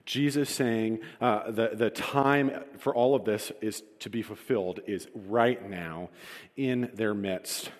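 A man's voice: on the low side, slow. A man preaching a sermon in a conversational, self-deprecating storytelling manner, in a church hall. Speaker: pastor. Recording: reverberant hall.

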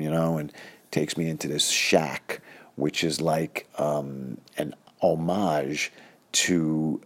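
A man's voice: extremely low pitch, steady tone, slow pace. A man in his fifties telling a rambling personal story, full of fillers, acting out the people he quotes.

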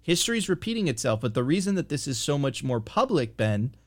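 A man's voice: mid-range voice, very animated, brisk. A man co-hosting a casual finance chat, reading news aloud and laughing in disbelief. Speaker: co-host.

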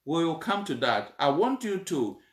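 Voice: medium pitch, sing-song, moderate pace, roomy sound. A preacher explaining a Bible passage in a sermon, repeating points and checking in with the congregation.

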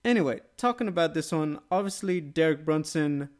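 A man hosting a casual MMA podcast, talking quickly and upbeat, tossing questions to his co-host. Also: on the high side, animated. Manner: quick, upbeat, conversational with quoted asides. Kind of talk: casual sports chat.

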